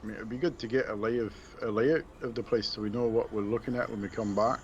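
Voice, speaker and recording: A man's voice: fairly low pitch, steady tone, quick pace, muffled recording, a little hiss or hum. A man playing a tabletop game, talking casually and asking questions. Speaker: player.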